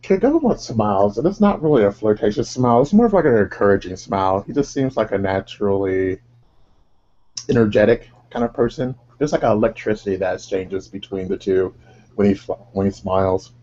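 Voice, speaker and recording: A man narrates his character's moves in a tabletop game, relaxed and rambling. His voice is low, dark and husky, heard through a dull, lo-fi recording. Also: fairly quick. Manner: relaxed and rambling, with many fillers. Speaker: player.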